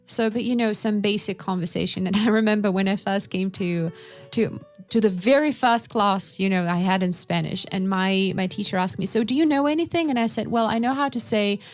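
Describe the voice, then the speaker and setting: A woman from Russia, co-hosting a casual podcast chat and telling lively anecdotes with quoted dialogue. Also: medium pitch, moderate pace, faint music behind. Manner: animated storyteller who acts out quoted dialogue. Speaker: podcast co-host, English teacher.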